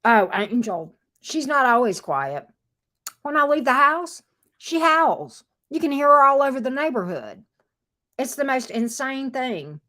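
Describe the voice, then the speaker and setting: A woman's voice: high voice, very animated, unhurried, bright, forceful tone. A middle-aged woman, casually chatting with viewers on her livestream, answering their comments and talking to her dog from her home office. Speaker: tarot reader and livestream host.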